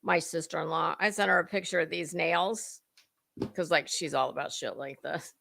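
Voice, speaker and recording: A woman's voice: deep voice, fairly even intonation, moderate pace, gravelly, bright, forceful tone. A middle-aged woman, hosting a rambling livestream chat, greeting viewers by name and fighting a dry cough. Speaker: livestream host. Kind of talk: casual chat.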